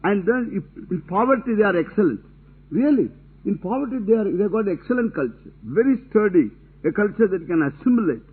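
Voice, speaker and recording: A spiritual teacher delivers a religious discourse, speaking emphatically, repeating key phrases, and tossing in casual asides. His high-pitched voice is expressive and fairly quick, with a breathy edge. The recording is tinny, narrow-band, and lo-fi.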